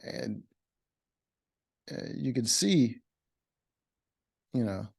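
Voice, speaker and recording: A man's voice: medium pitch, lively intonation, extremely slow, gravelly, husky. A man casually reviewing a reality show episode, blunt and opinionated, with many fillers and restarts. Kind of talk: casual recap commentary.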